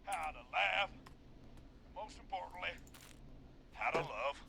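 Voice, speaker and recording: A man's voice: sits high, lively intonation, slow, creaky, background noise, exaggerated voice. An actor playing a boastful male radio caller, a proud young father who taunts a killer with cocky tough talk.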